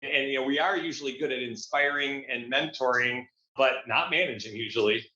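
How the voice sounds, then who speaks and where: A man's voice: mid-range voice, fairly quick, bright, forceful tone. A man, a guest business coach, talking in an upbeat, motivational way in a casual interview. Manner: upbeat, motivational, restarts phrases. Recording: echoey, dull lo-fi sound.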